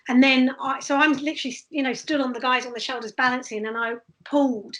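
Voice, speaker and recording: A woman, a street performer, telling lively stories with frequent laughter in a casual interview. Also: high voice, quick pace, muffled recording. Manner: animated, laughing storyteller.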